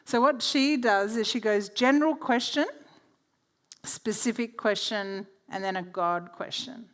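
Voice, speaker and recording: A woman's voice: a little high, a little slow, fairly bright tone. A woman presenting a church workshop. She teaches through chatty personal stories and laughs easily.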